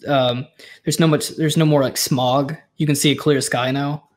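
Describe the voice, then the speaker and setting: A man's voice: a little high, steady tone, normal speed. A tipsy man in a casual chat with a friend, rambling with lots of filler words and giggling.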